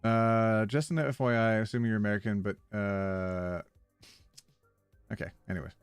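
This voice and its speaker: A man's voice: on the low side, steady tone, normal speed, smooth, no room sound, soft background music. A man streaming, casually reading online posts aloud with playful, wry commentary and easy laughter.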